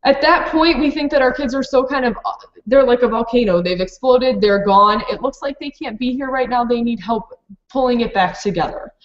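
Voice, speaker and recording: A preschool program director presents a webinar to teachers in a slightly high, slightly quick voice. She is practical and matter-of-fact and uses lots of fillers. The lo-fi webinar audio sounds dull.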